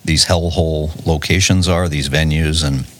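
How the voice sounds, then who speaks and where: Deep-voiced male executive, self-assured podcast guest who restarts his phrases. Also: fairly even intonation, moderate pace. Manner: confident, fluent, many restarts and repeated words. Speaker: tech company CEO, guest. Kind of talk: conversational podcast interview. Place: conference venue.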